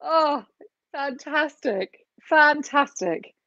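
Higher-voiced woman host on a dull line. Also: expressive, drawn-out words, sharp tone, no echo. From South Africa. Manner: chatty, encouraging interviewer. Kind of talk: casual interview. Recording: dull, dry lo-fi sound.

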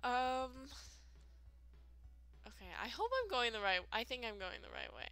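A woman's voice: fairly high pitch, measured pace, bright, forceful tone. A woman giving casual, rambling let's-play commentary, full of fillers and self-deprecating asides. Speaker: gaming video creator.

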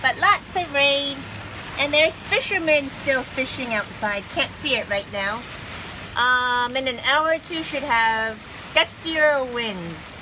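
A woman's voice: sits high, takes it slowly. A woman in her forties narrating a casual sailing vlog as she films on her boat with a phone. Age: 40s. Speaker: sailing vlogger. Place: on a sailboat. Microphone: phone camera. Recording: noisy outdoor boat recording.

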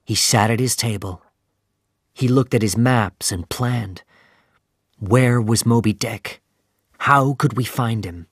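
A man reading a story aloud in slow, clear, deliberate narration for language learners. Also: medium pitch, dry recording, studio quality.

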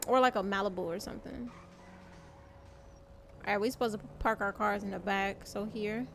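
A woman's voice: mid-range voice, fairly even intonation, normal speed, vocal fry, a bit bright, slight background noise. A woman streaming in-character game roleplay as a mother, talking bluntly and swearing freely. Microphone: desk microphone at a gaming setup.

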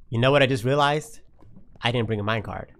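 A man talks his way through a long game session, thinking out loud and grumbling at his own mistakes. His voice has a gravelly, creaky edge at a middling pitch. A faint hiss sits under the recording. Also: wildly swooping pitch, moderate pace. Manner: talks to himself while playing, frustrated outbursts. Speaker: Minecraft let's player. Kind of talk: uncut gameplay commentary.

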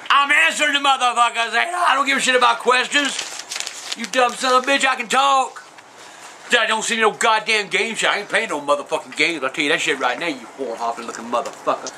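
A man's voice: extremely high pitch, moderate pace, sharp tone, a little hiss or hum, full character voice, rough recording. A man playing a cranky, foul-mouthed old trailer-park man who rambles and hurls insults while answering questions in a comedy Q&A. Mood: cursing. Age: older. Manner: profane, rambling, insulting ranting. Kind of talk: comedic character Q&A.

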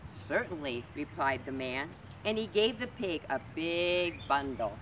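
A woman librarian reading a storybook aloud to children, gentle and expressive. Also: deep voice, unhurried, slight background noise. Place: community library.

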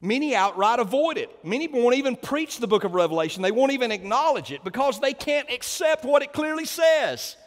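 Pastor, male, high-pitched, deliberate sermon delivery; hushed lows and loud cries; long hall reverb. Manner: impassioned, swings from hushed to loud exclamations.

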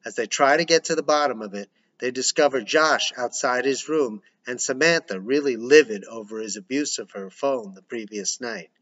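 A man's voice: mid-range voice, normal speed, hardly any pauses, a bit bright. A man reading a screenplay's scene headings and stage directions aloud. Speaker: script reader. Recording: dull lo-fi recording.

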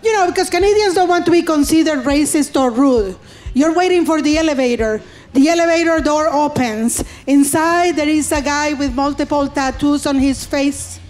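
Animated high-voiced woman comic. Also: normal speed. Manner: animated storytelling, acted-out voices. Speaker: stand-up comedian. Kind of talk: stand-up comedy routine. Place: comedy stage.

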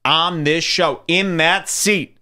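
A man's voice: fairly high pitch, slow pace. A man hosting a podcast, talking casually and sarcastically as he comments on video clips in a studio. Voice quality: sarcastic, animated storyteller. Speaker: podcast host. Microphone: studio microphone.

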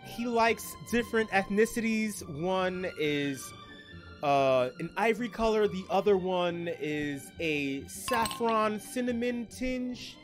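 A woman hosting a streamed trivia night, with loud, joking, slangy banter and quick put-on voices. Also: mid-range voice, expressive, over music. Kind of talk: casual streamed game commentary.

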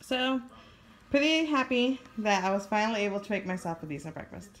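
A woman's voice: mid-range voice, lively intonation, brisk. A woman in her thirties talking casually to a handheld camera, venting and tired, often from her car. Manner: chatty, venting, tired then upbeat. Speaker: vlogger. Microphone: handheld camera at arm's length.

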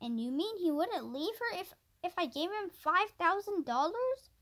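A woman reading the lines of a rich, gruff old grandfather in a storybook, asking blunt, eager questions. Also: very high-pitched, big pitch swings, moderate pace, fairly bright tone, pitched above the performer's own voice, full character voice. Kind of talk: storybook character voice.

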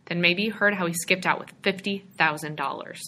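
Folksy real estate man, chatty and rural-sounding, bright tone, read by a woman. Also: fairly low pitch, brisk, a little hiss or hum. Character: folksy middle-aged male small-town real estate man.

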